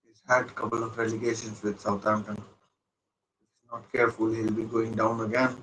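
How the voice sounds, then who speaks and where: A man commentating live as a fan while watching a football match, muttering asides and breaking into excited outbursts. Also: lowish voice, a little fast, slight background noise, poor audio.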